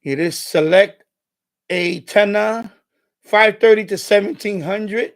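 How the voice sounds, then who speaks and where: This man speaks slowly in a voice that sits high. He hosts an off-the-cuff live stream from the radio room in his home, wandering from topic to topic, cursing often, and sounding cranky as he displays his radios.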